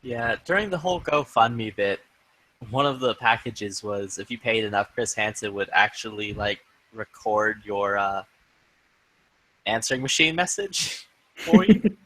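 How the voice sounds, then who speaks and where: A man's voice: fairly low pitch, unhurried, a bit bright, dry recording, rough recording. Young guy in casual voice chat, dry sound. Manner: laughing, swearing, retelling with quoted voices. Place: online voice chat lobby.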